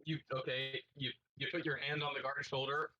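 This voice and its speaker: A man as game master, narrating a tabletop role-playing game in a relaxed, casual way. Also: medium pitch, brisk, no room sound, dull audio.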